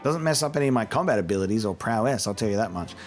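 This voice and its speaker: With faint music behind him, this let's play host talks rapid-fire in a fairly low, animated voice. He's trying the game for the first time, chatting casually, swearing, and occasionally imitating the characters.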